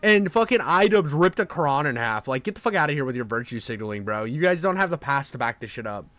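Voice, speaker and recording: A young man streaming live, reacting in crude, excitable rambling commentary full of swearing. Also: medium pitch, fast talker, dry recording. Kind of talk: casual livestream commentary.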